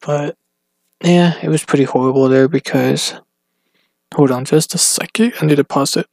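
A man talking alone on his podcast in a rambling, casual way, halting often and restarting his sentences. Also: on the high side, steady tone, gravelly, a little mellow, no room sound. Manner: hesitant, halting, full of restarts and fillers. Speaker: solo podcaster. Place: at home.

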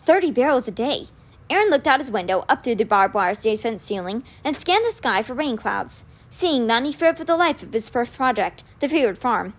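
A woman reading a children's novel aloud with expressive storytelling. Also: a little high, a little fast, hardly any pauses. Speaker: reader.

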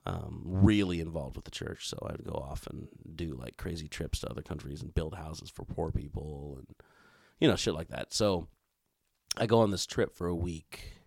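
A man in his thirties tells a rambling story on a podcast, full of swearing and asides. His voice sits very low and has a gravelly edge. The sound is dry and close. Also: normal speed, darkish tone, dry recording. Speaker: podcast co-host. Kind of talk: casual chat.

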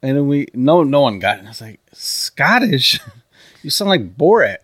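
A man's voice: mid-range voice, big pitch swings, brisk, no echo, studio quality. A man co-hosting a podcast, telling rambling stories in casual chat and laughing at his own jokes. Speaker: podcast co-host.

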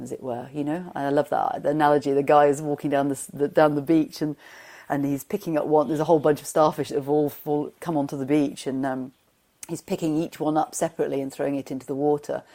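Talkative woman with a mellow, low voice. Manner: chatty and expressive, tells anecdotes. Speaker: mindfulness teacher, guest. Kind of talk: conversational interview answers.

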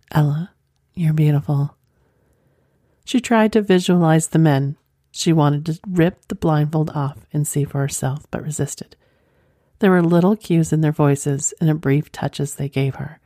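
Low, mellow woman reading a sensual story. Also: no room sound, studio quality. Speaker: narrator.

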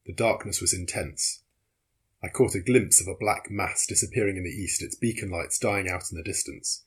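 A man with a husky voice reading a novel aloud as audiobook narrator, in a measured, steady way. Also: low voice. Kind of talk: scripted narration.

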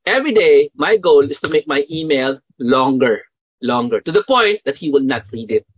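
A man with a Filipino accent gives an animated, casual spoken lesson. He often asks his listeners questions and drops quick Tagalog asides. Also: a little high, breathy edge, no echo. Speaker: mentoring course instructor.

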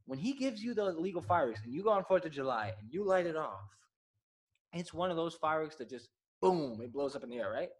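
A man's voice: fairly high pitch, sing-song, quick pace. A man hosting a casual sports podcast, easygoing and joking. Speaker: podcast host.

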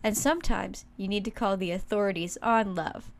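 A woman's voice: mid-range voice, moderate pace, creaky. A young woman co-hosting a comedy podcast, running a quote quiz in a dry, teasing game-show manner.

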